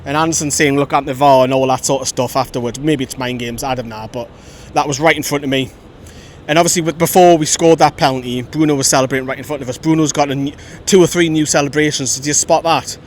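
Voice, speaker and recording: A man giving a chatty, opinionated post-match reaction as host of a fan channel, filmed outdoors by a road. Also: quick pace. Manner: chatty, opinionated, lively storytelling. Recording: faint traffic rumble outside.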